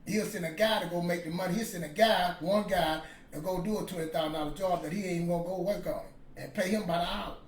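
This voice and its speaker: A man's voice: sits high, quick pace, hardly any pauses, far from the mic. A man, casually telling a motivational story in a rambling, emphatic way. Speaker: podcast host. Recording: echoey room with faint ambience.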